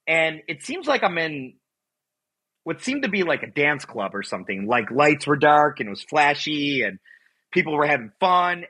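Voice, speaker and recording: A man from Buffalo, New York, telling a personal story as a guest, lively and quick to act out voices and shouts. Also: fairly high pitch, husky, poor audio. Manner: animated storyteller, acts out his own shouts and quotes.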